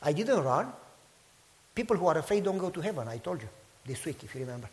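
Male pastor, high-pitched, animated loud-to-hushed delivery, echoing hall. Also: fast. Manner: animated storytelling, acts out quotes, swings from loud to hushed. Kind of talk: sermon with storytelling.

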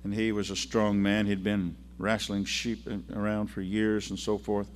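A male preacher with a fairly low voice delivers a sermon and reads scripture aloud. He moves between loud, emphatic lines and quiet, slowed drops. A faint hum sits behind him. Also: level tone.

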